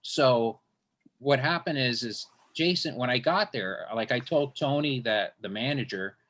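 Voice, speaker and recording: A man's voice: medium pitch, measured pace, a bit bright. A man hosting an interview, telling a long casual story as a stand-up comedian, rambling with many restarts and swearing freely.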